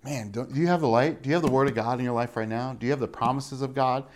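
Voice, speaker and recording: A man preaching a casual sermon, full of rhetorical questions and offhand jokes, swinging between loud emphatic lines and quiet asides. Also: medium pitch, quick pace.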